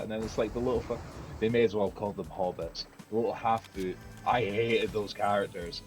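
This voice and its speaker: A man's voice: lowish voice, quick pace, a little mellow, soft background music. A man chatting casually and rambling, laughing and swearing as he goes. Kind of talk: casual chat.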